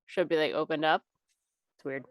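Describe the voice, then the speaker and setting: With a low voice and fairly even intonation, a young adult woman talks at a moderate pace on a dry recording. As a podcast co-host in casual conversation, she's chatty, curses openly, and says "like" frequently.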